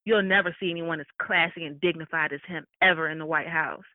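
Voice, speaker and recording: A woman co-hosting in casual, profane chat, brash and quick to cackle. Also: sits low, fairly even intonation, no echo. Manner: brash, cackling, loud laughter. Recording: tinny phone-like audio.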